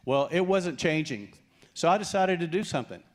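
A man's voice: a little high, moderate pace. A middle-aged male pastor preaching a sermon, telling stories with humor and acting out quoted voices. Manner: animated storytelling, acts out quoted voices with humor.

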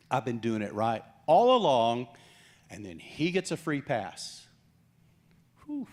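A man preaching a sermon, joking with the congregation and acting out the characters in the story. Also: mid-range voice. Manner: jokey, animated preaching with acted-out quotes. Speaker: pastor.

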